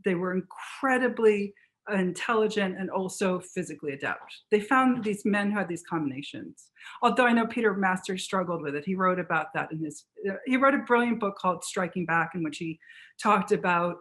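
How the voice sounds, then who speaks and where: Animated woman author telling history. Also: medium pitch. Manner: animated, fast storytelling with restarts. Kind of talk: book talk conversation.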